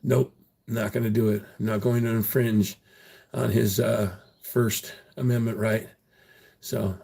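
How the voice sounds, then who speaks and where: A man's voice: fairly low pitch, flat delivery, measured pace, creaky, warm tone, breathy edge. A man livestreaming and answering his chat, rambling with many fillers and restarts, taunting viewers with profanity and laughing at them.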